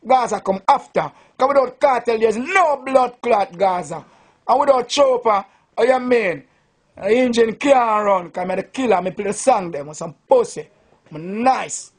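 A man's voice: very high voice, expressive, moderate pace, breathy edge. A Jamaican man, a sound system selector, drunk and boasting in a rambling, profane rant to the camera.

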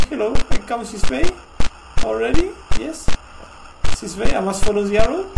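A man with a gravelly, high voice and a mock Transylvanian vampire accent, playing a horror game. He speaks slowly in broken English, his pitch swooping as he yelps in panic. The recording is noisy and game sounds play underneath. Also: expressive. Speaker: horror game let's-player as vampire host. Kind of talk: gaming commentary.

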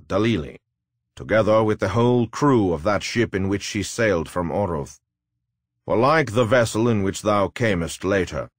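A man reading aloud and voicing a sinister older male necromancer who speaks slowly and gravely in a storybook tale. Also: lowish voice, no echo, studio quality.

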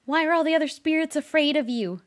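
A woman streamer giving let's play commentary, excitable, often gasping and shrieking. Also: high-pitched, fast talker. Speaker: gaming streamer.

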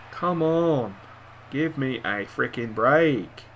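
A man doing live gameplay commentary, exasperated, swearing often and shouting at his players. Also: mid-range voice, lively intonation, very slow. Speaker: gaming commentator.

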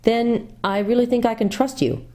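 A woman's voice: fairly high pitch, normal speed, dark tone, voice pushed up, natural voice. A woman voicing an earnest schoolboy who talks a bit like someone starting a lecture, in a storybook reading.

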